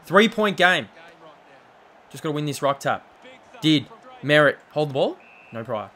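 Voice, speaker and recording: A man giving excitable live play-by-play commentary on a football video game, swinging between shouted calls and low muttered asides. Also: unhurried. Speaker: gaming channel host.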